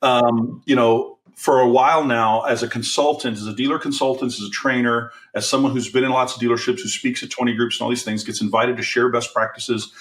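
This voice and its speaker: A middle-aged man recounts his start in sales with candid energy, talking through plenty of fillers and restarts. His voice sits at an ordinary pitch for a man. He is set a little back from the microphone. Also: steady tone, brisk, hardly any pauses, a bit bright, far from the mic. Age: 40s. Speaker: guest, car sales trainer. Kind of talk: storytelling in a podcast interview.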